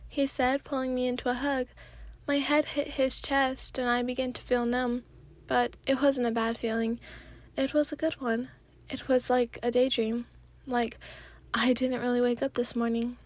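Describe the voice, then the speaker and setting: Stuffy-nosed woman, soft high ASMR narration. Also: flat delivery, normal speed, no room sound. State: stuffy nose; tired. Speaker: ASMR storyteller.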